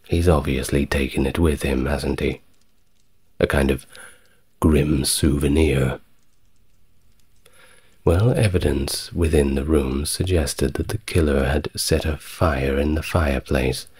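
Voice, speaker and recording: A man giving a calm, soft-spoken ASMR history narration, measured and steady, with wry conversational asides. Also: very deep voice, slightly rough.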